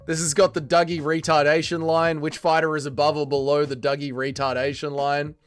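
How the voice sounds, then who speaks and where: A man's voice: a little high, little pitch movement, brisk, smooth, soft background music. A man hosting a casual livestream, reading chat aloud and bantering with it, swearing and exasperated.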